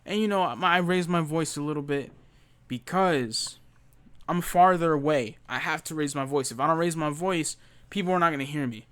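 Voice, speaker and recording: Young man, slightly high voice, smooth and clear, dry close sound, exasperated storytime rant. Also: fairly bright tone, no room sound. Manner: exasperated, talks fast with many fillers, mimics the customer. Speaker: retail worker telling a story.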